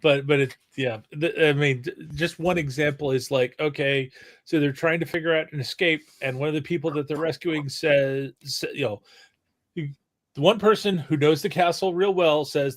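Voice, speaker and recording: A man in casual chat about his writing, halting with many restarts. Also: on the high side, steady tone. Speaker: writer guest.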